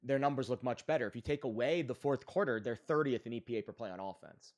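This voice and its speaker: A man's voice: mid-range voice, fast talker, a little mellow. A man co-hosting a sports betting podcast, giving emphatic, opinionated analysis in a casual chat with frequent fillers.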